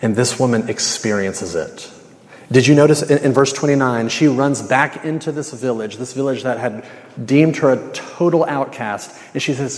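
A man preaches in a loose, conversational way, drifting into casual slang as he tells his stories. His voice sits at an ordinary middle pitch. A long reverb trails behind him, as in a large hall. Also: normal speed. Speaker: campus minister. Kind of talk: sermon.

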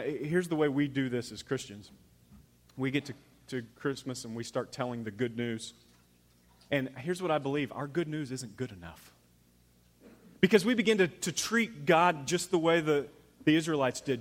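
A man in his thirties preaching a sermon as pastor, emphatic, swinging between loud urging and hushed near-whispers. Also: medium pitch, lively intonation, normal speed, big-room sound.

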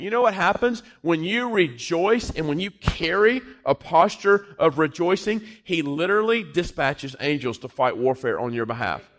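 A middle-aged man preaching a sermon, jumping from quiet, low asides to loud, high exclamations, with jokes and personal stories along the way. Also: expressive, normal speed, few pauses. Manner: joking, storytelling delivery.

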